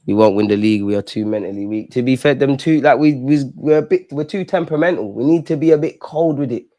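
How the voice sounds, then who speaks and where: A young man hosting a live football watch-along, animated and talking straight to the players and referee. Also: medium pitch, fast, no echo, highs cut off.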